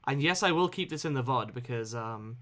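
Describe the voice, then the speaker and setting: A man chats loosely while hosting a game stream, laughing often between remarks. His voice is bright and forward, at a middle pitch, close to a desk microphone. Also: lively intonation, a little fast. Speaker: streamer host. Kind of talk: casual chat on a game stream.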